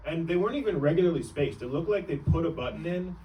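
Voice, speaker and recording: A man's voice: on the high side, expressive, fast, far from the mic, highs cut off, noisy background. A young man doing a stand-up comedy set, rambling and breaking off mid-sentence, laughing at his own jokes on a club stage.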